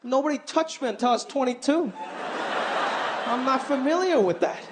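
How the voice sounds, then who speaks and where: A man doing a stand-up comedy routine, animated and acting out his mother's voice. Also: extremely high pitch, moderate pace. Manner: animated, acts out his mom's voice. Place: comedy stage before a live audience. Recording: live club with crowd and noise.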